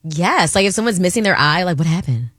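A woman's voice: fairly low pitch, fairly quick, fairly bright tone, no echo, studio quality. A woman co-hosting a radio show, blunt and nosy, who laughs easily in casual banter. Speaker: radio co-host.

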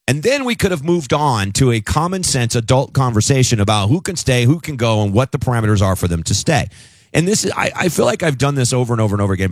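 A male talk radio host arguing his point in an emphatic, conversational way. His pitch swings widely as he presses on. The studio sound is dry and close. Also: no echo.

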